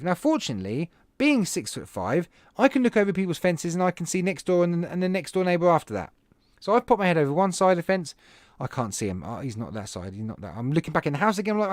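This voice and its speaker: A man hosting a podcast, telling a rambling, animated story to his live chat at home with self-deprecating asides. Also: on the high side, a little fast, no echo, clean studio sound. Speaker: podcast host.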